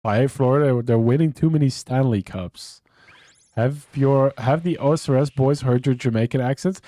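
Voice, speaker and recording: A man's voice: mid-range voice, normal speed, warm tone, no echo. A man streaming and chatting casually with viewers, swearing freely and rambling off the cuff. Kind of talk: casual live-stream chat.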